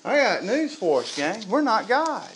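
A man preaching a sermon to a live congregation, lively and humorous, quizzing the crowd. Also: high-pitched, measured pace, a little hiss or hum. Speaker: pastor.

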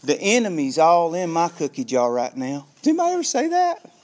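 A man preaching a sermon, conversational and animated, calling the congregation "gang" and asking them questions. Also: on the high side, a little fast. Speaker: pastor.

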